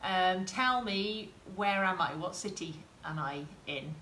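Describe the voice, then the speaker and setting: Taking it slowly, a woman craft tutor leads a chatty live sewing demo and encourages viewers in chat. Her lowish voice sounds pushed and bright, with slight background noise, roomy echo, and faint ambience.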